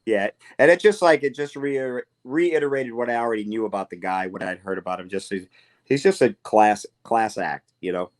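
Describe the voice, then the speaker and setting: A man guest telling a lively story in a casual interview, acting out quoted lines. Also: lowish voice, a little fast. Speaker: guitarist guest.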